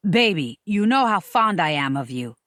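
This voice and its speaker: A woman voicing a smooth, patronizing American man who keeps soothing his lover with pet names. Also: fairly low pitch, big pitch swings, normal speed, a bit bright, no echo, clean studio sound, pitched below the performer's own voice. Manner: soothing, condescending endearments.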